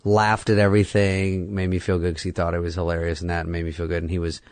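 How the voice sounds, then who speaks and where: A man's voice: sits low, monotone, fast, smooth, dry recording. A man from Arizona reminiscing in a casual interview with a sardonic, offhand manner. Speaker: comedian interviewee.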